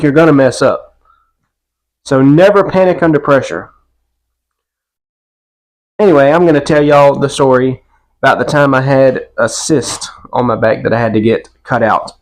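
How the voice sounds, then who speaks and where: A man's voice: fairly high pitch, moderate pace, pauses often. A man, co-hosting a podcast and telling stories in a laid-back, casual chat. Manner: laid-back storytelling with a Southern "y'all". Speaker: podcast co-host.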